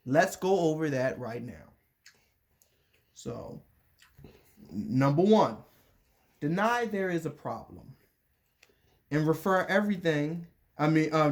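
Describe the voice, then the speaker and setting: A man's voice: on the high side, expressive, slow, long pauses. A man reading a letter aloud and commenting on it in casual chat, repeating his points and restarting sentences as he goes.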